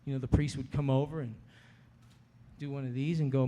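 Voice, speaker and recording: A man's voice: medium pitch, level tone, brisk, warm tone. Guy telling his life story on stage, acts out voices, laughs a lot, big echoey hall. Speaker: speaker sharing his testimony. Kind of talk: animated personal testimony. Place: conference hall. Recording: long hall reverb.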